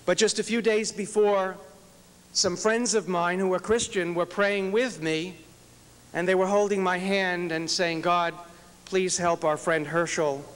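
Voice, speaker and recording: A man's voice: sits high, fairly even intonation, a little slow, clean tone. A man, a rabbi, telling a personal story in an earnest, inspirational speech at an event. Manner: earnest, storytelling, acts out quoted prayers softly. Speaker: rabbi and speaker. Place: large event hall. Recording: hall with long reverb.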